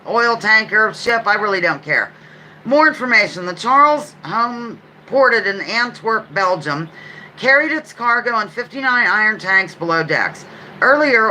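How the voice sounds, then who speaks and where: A livestream trivia host reads out questions and answers in a casual game, staying chatty and sprinkling in playful asides. She has a bright, forceful, mid-range voice. The recording is low quality, with a little hiss or hum.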